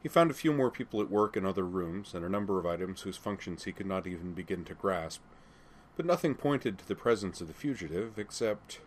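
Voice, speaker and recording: A man narrating a fan fiction story in a steady, measured reading. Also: deep voice, a little hiss or hum. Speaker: audiobook narrator.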